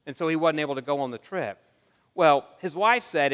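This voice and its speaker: Earnest preacher in a reverberant hall. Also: male voice, on the high side, brisk. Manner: earnest, animated storytelling with frequent restarts. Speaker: pastor. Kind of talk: sermon. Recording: long reverb of a large hall.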